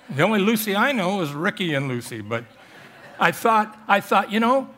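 A male pastor preaching a sermon in church, telling stories and jokes and slowing down on emphatic phrases. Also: on the high side, bright, forceful tone. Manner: joking, storytelling preacher with emphatic slowed phrases. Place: church service.

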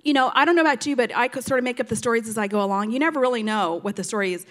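Animated high-voiced grandmother telling stories. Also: racing. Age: older. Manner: animated, laughing, does high childlike voices in quotes. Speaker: storyteller grandmother. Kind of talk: casual storytelling to an audience.

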